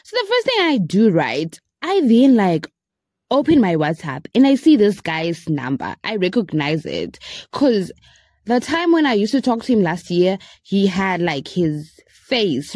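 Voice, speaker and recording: Lively young woman telling a story. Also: no echo, studio quality. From Zimbabwe. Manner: animated, acts out quoted voices with big pitch jumps. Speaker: podcast host. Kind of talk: casual storytelling.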